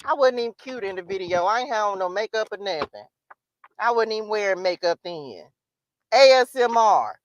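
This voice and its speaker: A woman tarot reader hosting a casual livestream, animated and chatty, often laughing as she talks to her viewers. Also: medium pitch, normal speed, dry recording, lo-fi sound.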